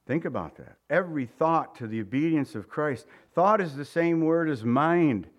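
Middle-aged pastor preaching in a joking, informal manner. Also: male voice, on the high side, lively intonation, normal speed, dull audio. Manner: informal and joking, with chuckles and asides. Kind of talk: conversational sermon.

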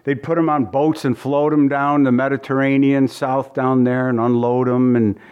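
A man's voice: medium pitch, flat delivery, normal speed, smooth, dull audio. A man preaching as a pastor, teaching verse by verse in a folksy, conversational way and often repeating his phrases.

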